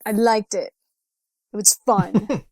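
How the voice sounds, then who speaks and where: A woman's voice: medium pitch, fairly even intonation, slow pace, darkish tone, dry recording, clean studio sound. A woman co-hosting a casual gaming podcast, giggly and playful. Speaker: podcast co-host.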